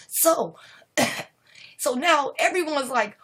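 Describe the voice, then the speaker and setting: A woman live streamer telling a spooky story in an animated, drawn-out way, raising her voice at the gory parts. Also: fairly high pitch, slightly rough.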